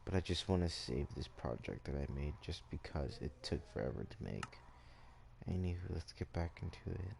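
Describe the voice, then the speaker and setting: A sleepy young man streaming a game, chatting to his viewers in a drowsy, drawling monotone with lots of "like" and "dude". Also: rumbling low, normal speed, creaky, noisy background. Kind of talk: casual live-stream chat while gaming.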